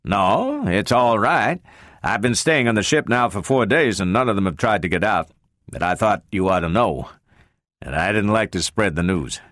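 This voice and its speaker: A man's voice: lowish voice, expressive, normal speed, a bit bright, no room sound, clean studio sound. A man reading a discreet young technician in an audiobook, earnest and matter-of-fact.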